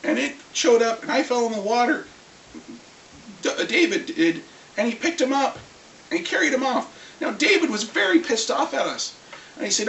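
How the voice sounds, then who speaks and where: A vlogger getting over a cold, clearing the throat, telling a rambling, lively story about a tabletop game in a casual rant. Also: mid-range voice, normal speed. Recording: echoey room, far from mic, faint hiss.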